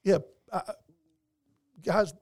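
A man appears as a guest in a casual conversation, speaking earnestly and from the heart. He rambles with many restarts and fillers, his darkish voice moving at a slow pace.

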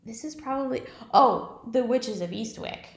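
A woman's voice: a little high, moderate pace. A woman co-hosting a podcast, chatting casually and rambling about movies, swearing now and then. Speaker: podcast co-host. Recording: roomy echo.

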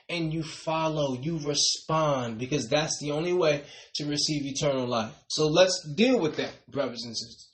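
A man preaching with a somewhat high voice, pushing up hard on his key points and then letting each phrase fall quiet. The sound rings around an echoey room. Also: moderate pace. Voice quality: repeats "brothers and sisters" with a dropping, quiet tail. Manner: emphatic, rising on key points then trailing off softly. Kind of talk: sermon.

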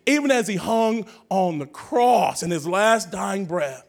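A man preaching a sermon as pastor, swinging between shouted bursts and hushed asides while calling out to the congregation. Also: high-pitched, measured pace, hardly any pauses. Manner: energetic preaching with sudden shouts and hushed drops, calls to the congregation.

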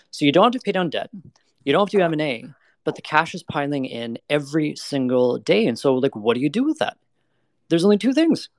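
Recorded with no echo, a man with a mid-range voice is interviewed as a guest about energy investing. He manages energy investments and speaks bluntly and candidly, using plenty of "like" and "you know."

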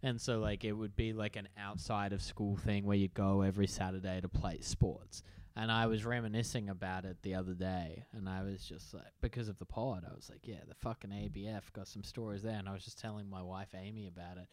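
A man's voice: on the low side, steady tone, fairly quick, few pauses, darkish tone, dry recording. A man co-hosting a casual podcast, telling a rambling story full of "like" and frequent laughs. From grew up abroad among expat kids, now in Australia. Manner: rambling, heavy use of "like", laughs often. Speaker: podcast co-host.

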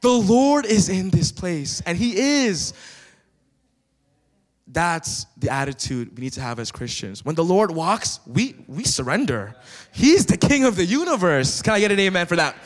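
A man preaching a sermon in church with lively energy, often turning to the congregation with questions. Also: high-pitched, moderate pace. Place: church sanctuary. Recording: long reverb of a church hall.

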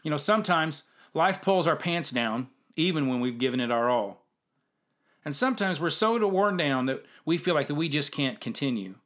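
A man with a slightly high voice tells a humorous story from his years coaching youth football. He narrates in a lively way and acts out the dialogue. He is the host of a storytelling show. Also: moderate pace.

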